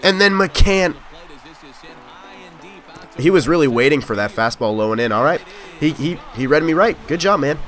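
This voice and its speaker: A young man giving live commentary on his own gameplay, excitable and quick to shout or grumble at the game. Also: a little high. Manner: excitable, yelling at the game, frustrated outbursts. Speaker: gaming YouTuber.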